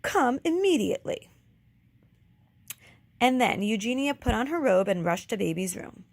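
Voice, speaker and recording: A woman teacher reading a children's book aloud, pausing to explain words for young kids. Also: mid-range voice, animated.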